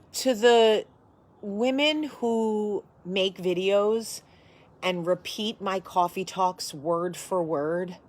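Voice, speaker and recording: A woman hosting a casual chat to camera from her home, blunt and sassy in manner. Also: medium pitch. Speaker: host.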